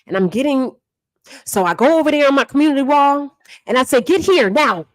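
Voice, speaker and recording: A woman, a mother, chatting casually as she recaps online drama in an animated, repetitive, slangy way. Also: high-pitched, fast, no echo. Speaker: livestream drama commentator.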